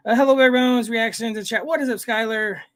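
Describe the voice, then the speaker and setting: His voice is very high and a bit bright, with fairly even intonation and a brisk pace. As a livestream host he chats casually and rambles, greeting viewers by name, reading their comments, and constantly saying "guys" and "fam."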